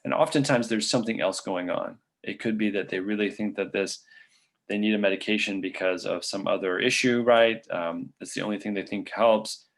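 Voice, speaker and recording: Low gravelly man answering questions. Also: normal speed. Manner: conversational, thinks aloud with frequent fillers. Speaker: physician presenter.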